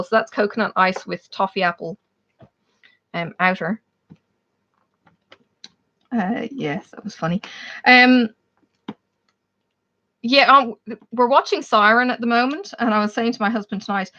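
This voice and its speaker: A woman's voice: fairly high pitch, normal speed, long pauses, bright, forceful tone, highs cut off. An Australian woman hosting a casual live chat, talking to viewers in a rambling way and laughing often. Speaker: livestream host.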